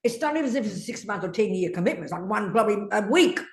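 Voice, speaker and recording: A woman's voice: medium pitch, lively intonation, racing. An older woman Buddhist teacher, questioning a student in a brusque, confrontational way and swearing freely. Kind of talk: blunt teaching exchange with a student. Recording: echoey teaching room.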